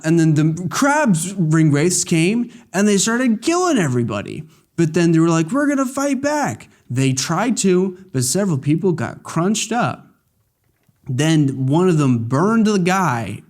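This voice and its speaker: A man's voice: a little high, darkish tone. A man giving casual gameplay commentary, recapping the story in a rambling, jokey way full of fillers. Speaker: let's play gamer.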